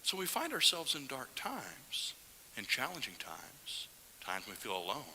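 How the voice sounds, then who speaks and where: A man preaching a Sunday sermon with a lively, swooping delivery and a bright, forceful edge, now and then sinking to a hushed whisper for emphasis. His voice carries the long reverb of a church hall. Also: medium pitch, normal speed, slight background noise. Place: church sanctuary.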